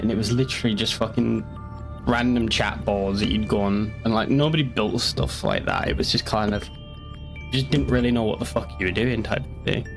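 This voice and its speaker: A young man with a northeast English accent chats through a live game stream in a rambling, sweary way, answering his chat as he plays. His voice sits at a middling pitch. A little music plays faintly underneath. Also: vocal fry. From northeast England.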